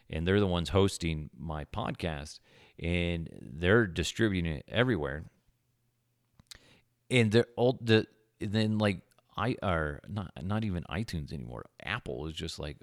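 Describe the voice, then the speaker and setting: A man with a deep, gravelly voice talks through a casual podcast monologue from his home desk. He jokes crudely and swears freely, and the sound is close and dry. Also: no echo. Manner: crude, joking, profane. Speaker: podcast host. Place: home office, indoors. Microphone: podcast microphone.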